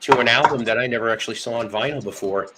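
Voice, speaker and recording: A man's voice: medium pitch, fast talker, a loud crowd. A man hosting a casual live show about vinyl records, talking in a chatty, rambling way. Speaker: host.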